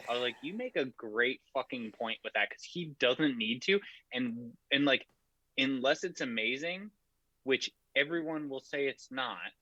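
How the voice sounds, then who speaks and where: A man's voice: medium pitch, unhurried, bright, forceful tone, dry recording, muffled recording. A man chatting casually on a podcast, telling a long story full of "like" and swearing. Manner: rambling storyteller, heavy filler "like", swearing. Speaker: podcast co-host. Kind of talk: casual chat.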